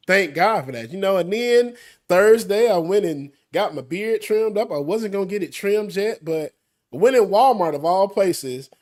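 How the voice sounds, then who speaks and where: Co-host, male, high lively voice, playful and animated, dry close sound. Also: normal speed. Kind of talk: casual chat.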